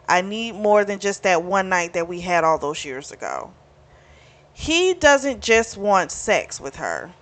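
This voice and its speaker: Woman host reviewing books, chatty and candid, an everyday mid-pitched voice. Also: a bit bright. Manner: chatty and frank, swears freely, laughs at her own asides. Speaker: book reviewer. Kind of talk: casual book review chat.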